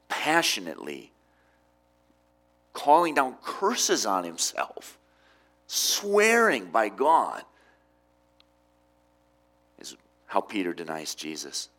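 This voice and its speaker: Man preaching with lively, swinging pitch. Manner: expressive preaching, swings between emphatic rises and quiet drops. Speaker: pastor. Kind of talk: sermon.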